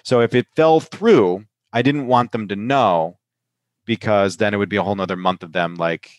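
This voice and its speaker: A man's voice: fairly low pitch, moderate pace, no echo. A man hosting a casual podcast chat, run down with a sinus infection, talking loosely, often asking "right?" and laughing. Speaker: podcast host and pharmacist.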